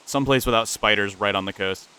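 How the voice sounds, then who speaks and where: A man's voice: on the low side, fast talker, pushed and bright, smooth. A man giving casual, self-mocking running commentary while playing a survival game. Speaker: gaming YouTuber. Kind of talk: casual let's-play commentary.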